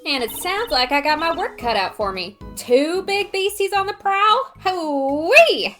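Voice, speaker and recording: An excitable, twangy snoop photographer played by a woman, rattling off folksy slang. The voice sits high and a little distant from the mic. Faint game music plays underneath. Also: unhurried, full character voice. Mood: excited. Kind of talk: let's play voice acting.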